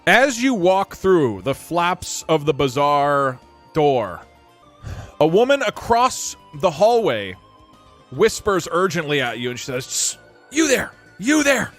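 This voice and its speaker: A man narrating a tabletop game as its game master and streamer, animated and quick to laugh. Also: fairly high pitch, faint music behind.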